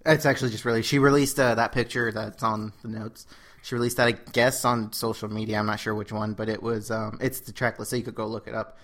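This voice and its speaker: A man's voice: fairly low pitch, level tone, a little fast, fairly bright tone. A man co-hosting a casual entertainment news podcast, dry and sarcastic, rambling with frequent restarts. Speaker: podcast co-host.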